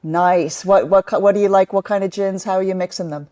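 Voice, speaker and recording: A middle-aged woman from England chats as a podcast guest in a mid-pitched voice. She talks freely and laughs often at her own expense. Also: steady tone, fairly quick, mellow. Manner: chatty, laughs often, self-deprecating. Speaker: guest, comedy writer. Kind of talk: casual podcast interview.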